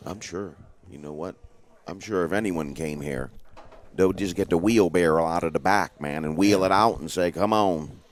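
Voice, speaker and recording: A man with a very deep voice co-hosts a pool stream and tells old pool room stories in an easygoing way. He keeps dropping "man" and "listen" into his talk. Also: normal speed. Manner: laid-back storyteller, says "man" and "listen" a lot. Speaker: co-commentator. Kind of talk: casual storytelling commentary.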